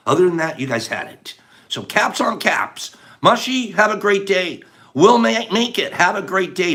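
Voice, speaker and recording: A middle-aged man hosting a livestream, rapidly thanking viewers by name in a warm, effusive way. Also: high-pitched, very animated. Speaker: livestream host. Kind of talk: casual livestream sign-off.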